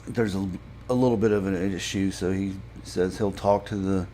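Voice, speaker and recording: Guy slowly going over an episode, mellow voice, faint hiss behind, lots of um and uh. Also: low voice, steady tone. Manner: halting, many fillers and restarts. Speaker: podcast reviewer. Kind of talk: casual episode recap.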